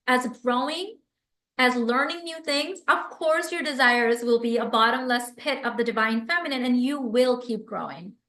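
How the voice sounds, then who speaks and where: A woman hosts a live stream in a high, bright voice, reading viewer comments aloud and answering them with effusive, animated energy. Her voice rings a little in an echoey room. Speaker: livestream host and business coach.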